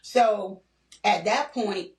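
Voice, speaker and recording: Speaking very slowly at a medium pitch, this older woman shares her own story as a podcast guest. Her manner is earnest and repetitive, peppered with "like" and "you know," picked up by a far-off mic in a roomy space.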